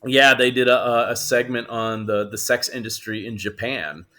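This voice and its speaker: A man with a mid-range, steady voice and a sharp tone speaks at a moderate pace. He's an actor and voice actor guesting on a podcast, telling animated stories, laughing often and doing the voices of the people he quotes.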